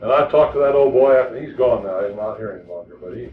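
A man's voice: medium pitch, fast, a little hiss or hum. A man preaching a sermon in an earnest, emphatic way, often repeating words as he presses a point. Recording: distant, echoey, tinny lo-fi recording.

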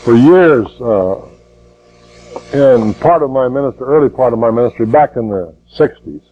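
A man's voice: medium pitch, lively intonation, normal speed, mellow, lo-fi sound. An older man preaching a sermon in a folksy way, repeating words and rising to fervent emphasis.

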